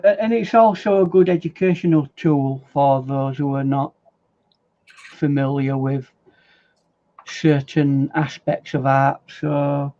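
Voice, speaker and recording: An English man co-hosting a casual art livestream, explaining things hesitantly with stammers and restarts. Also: a little high. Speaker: livestream co-host, artist. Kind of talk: casual chat. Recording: dull lo-fi mic sound.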